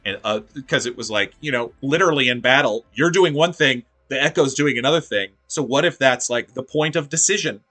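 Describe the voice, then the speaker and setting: Bright-voiced man, animated and rambling. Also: mid-range voice, brisk, hardly any pauses, soft background music. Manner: animated, rambling, laughs often. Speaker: podcast co-host. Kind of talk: casual chat.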